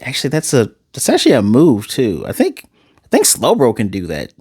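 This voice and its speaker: A man casually reviewing an anime episode in a sarcastic, animated way, his voice jumping high for emphasis. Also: fairly quick, husky, no room sound, clean studio sound.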